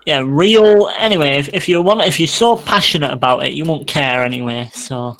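A man in casual podcast banter, speaking in a slightly raised pitch. He sounds blunt and dismissive. He caps almost every phrase with "mate". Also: moderate pace, fairly bright tone, no echo.

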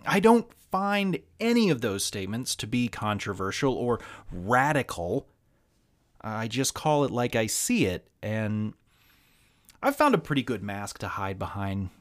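A man from the American South with a slight Southern accent, hosting a casual podcast monologue in a wry, candid, sardonic way with frequent ums. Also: mid-range voice. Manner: frequent ums and trailing asides. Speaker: podcast host.

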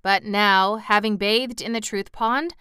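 A shy, ragged wanderer speaks with plain, earnest humility, voiced by a woman reader close to her own voice. Her tone stays bright and exceptionally clear, recorded dry and near the mic. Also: medium pitch, steady tone, measured pace, no room sound. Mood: humble. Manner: earnest, humble, plain-spoken. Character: shy, humble ragged vagabond man. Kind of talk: audiobook character reading.

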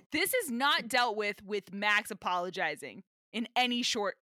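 A woman co-hosting a casual rewatch podcast, animated and exasperated, swearing casually as she chats. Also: medium pitch, unhurried, no room sound, clean studio sound. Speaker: podcast co-host.

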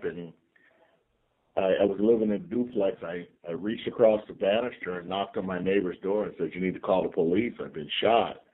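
A man in his sixties from California, a team chaplain calmly telling stories from his life as a podcast guest. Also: low voice. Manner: calm, reflective storyteller. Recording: tinny phone-like remote line.

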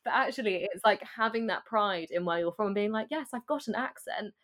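A woman from Essex, hosting an interview with a neutral southern English accent. She talks quickly and articulately, with her thoughts tumbling out at a brisk pace. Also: mid-range voice, a bit bright. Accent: neutral southern English, Essex accent mostly lost. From Essex, England. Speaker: podcast host. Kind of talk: casual interview chat.

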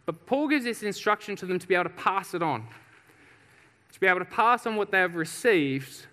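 Man, pastor, sermon storytelling, high pitch, bright tone, echoing hall. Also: a little fast. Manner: lively storyteller, laughs often, acts out shouts. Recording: reverberant hall.

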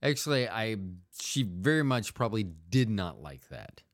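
A man with a fairly low voice hosts a podcast on his own from home. He rambles in a jokey way, often breaking off and restarting his sentences. The sound is dry and close, with no room in it. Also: big pitch swings, moderate pace, no echo. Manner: rambling, self-interrupting, jokey. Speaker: podcast host. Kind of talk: casual comedic monologue.

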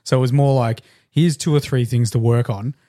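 Male mentor type; patient, plain-spoken explainer in relaxed chat. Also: medium pitch, normal speed. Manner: explains patiently with everyday comparisons. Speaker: painting mentor. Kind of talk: casual chat.

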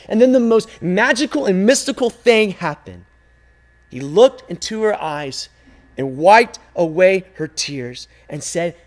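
A man telling a parable slowly and expressively, calling out loudly at times and sinking to a hush at others. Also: high-pitched. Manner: slow, expressive telling, swinging from loud calls to hushed near-silence. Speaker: storyteller. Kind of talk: dramatic storytelling.

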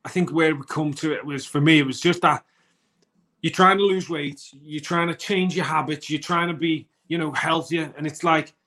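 British male co-host, earnest rambler, fairly high voice. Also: steady tone, normal speed, pushed and bright. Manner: rambling, restarts often, earnest. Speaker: co-host of a morning wellness show. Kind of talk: casual morning show chat.

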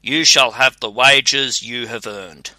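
A man's voice: mid-range voice, steady tone, slow, no echo. A man voicing a menacing giant bottle spirit. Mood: haughty. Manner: loud and threatening.

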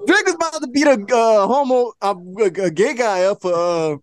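A man hosting a podcast, telling a story in animated, profane casual chat. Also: sits high, normal speed. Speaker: podcast host.

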